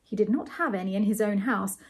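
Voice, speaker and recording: A woman reading a novel aloud as a storyteller, measured and gently amused. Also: mid-range voice, husky.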